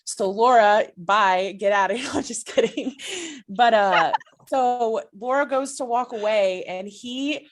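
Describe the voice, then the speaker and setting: A woman co-hosting a podcast gushes through a fan story, giggling again and again as she excitedly tells it. Her voice is a little high and her pace slow.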